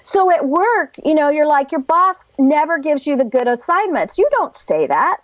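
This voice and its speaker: High-voiced, chatty woman guest. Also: big pitch swings, moderate pace, dry recording. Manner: chatty, enthusiastic, acts out quotes. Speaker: guest expert. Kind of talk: animated interview talk.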